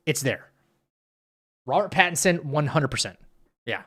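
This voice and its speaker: A man streams and chats casually, reading live chat and reacting to viewer comments, rambling with frequent restarts and stammers. His voice is a little high, husky, and sharp in tone, expressive yet measured in pace.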